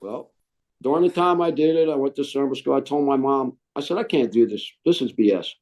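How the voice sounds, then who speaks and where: A middle-aged man, a Marine veteran, telling his story in an interview, animated and acting out the voices he quotes. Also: medium pitch, brisk.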